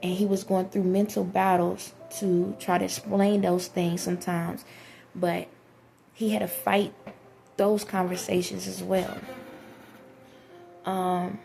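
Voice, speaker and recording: Low gravelly woman, flat earnest monologue. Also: slow pace, long pauses, soft background music. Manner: earnest, rambling, addresses viewers directly. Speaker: vlogger. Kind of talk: spiritual monologue to viewers.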